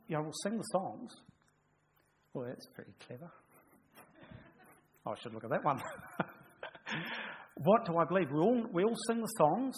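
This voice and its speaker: A man's voice: a little high, rough recording. A man, a pastor, preaching a sermon in a chatty, humorous way, often restarting his sentences.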